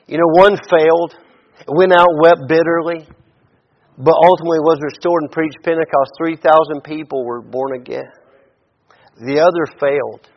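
A man preaching a sermon in a conversational way, often restarting and repeating words. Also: a little high. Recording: dull audio with long hall reverb.

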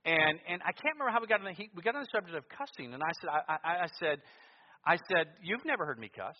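A man preaching a sermon in a church, moving between loud emphatic lines and quiet asides. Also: high voice, expressive, fast talker. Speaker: pastor. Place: church sanctuary. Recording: muffled sound with long church reverb.

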